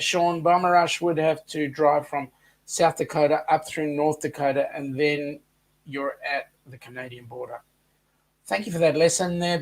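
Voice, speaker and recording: An Australian man co-hosting a casual live chat, reading viewer comments aloud and joking. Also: fairly high pitch. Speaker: co-host of a live chat stream.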